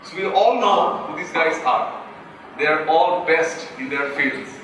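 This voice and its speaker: A man's voice: fairly high pitch, unhurried, a bit bright. A young man from Bangladesh with a Bangladeshi English accent gives an earnest, self-deprecating motivational talk as a student speaker and asks the audience questions. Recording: echoey hall from far off.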